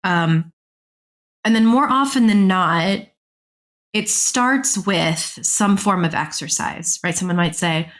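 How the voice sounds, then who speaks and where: Woman, thirties, dance therapist guest, somewhat low voice, reflective, explanatory. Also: animated, slow pace, fairly bright tone. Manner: reflective, explanatory, acts out quoted thoughts. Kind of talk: casual podcast conversation.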